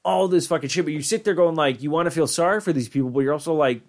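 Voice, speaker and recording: A man's voice: fairly high pitch, racing. A young man co-hosting a podcast in casual chat, rambling with lots of fillers and swearing. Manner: rambling, profane, full of "like" fillers. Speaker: podcast co-host.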